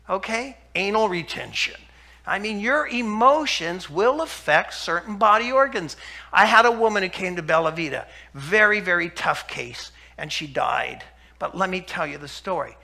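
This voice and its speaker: A middle-aged man tells patient stories in an emphatic, urgent way, pressing each point home. His voice sits high and sounds bright and sharp. He weaves scripture into a health talk. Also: gravelly. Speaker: health speaker.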